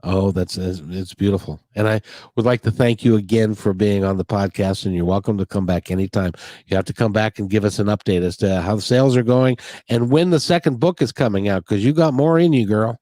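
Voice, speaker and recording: A man's voice: on the low side, brisk, warm tone, dry recording, studio quality. A man hosting a podcast interview, talking in an earnest, rambling way full of restarts. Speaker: podcast host. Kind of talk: casual interview talk. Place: near Puget Sound.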